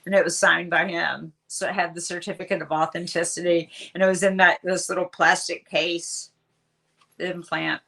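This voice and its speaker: A woman in her sixties, a guest on an interview show, telling chatty, animated stories full of fillers. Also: on the low side, normal speed, gravelly. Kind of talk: casual storytelling interview.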